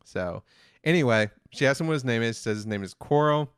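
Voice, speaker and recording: A man's voice: mid-range voice, brisk, clean tone, dry recording, studio quality. A man co-hosting a review podcast, casually retelling an episode's plot in a rambling way with lots of fillers. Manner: rambling, many fillers, quotes characters flatly.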